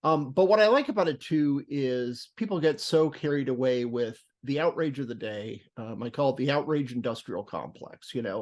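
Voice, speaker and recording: A man's voice: a little high, moderate pace, few pauses, a little mellow. A man hosting a podcast, chatting casually and throwing in mock-dramatic asides. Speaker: podcast host. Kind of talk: casual interview talk.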